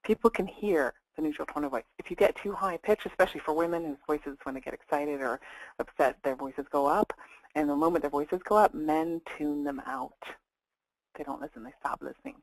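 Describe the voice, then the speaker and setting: A woman's voice: sits low, brisk, no room sound, rough recording. A woman career coach giving a plain-spoken, conversational webinar talk.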